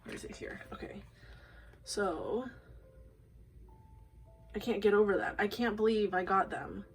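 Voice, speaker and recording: A woman's voice: mid-range voice, unhurried, faint music behind, poor audio. A woman filming a casual unboxing vlog, gushing and rambling, emotional and shaky, often apologizing. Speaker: vlogger unboxing photocards. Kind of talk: casual excited unboxing talk.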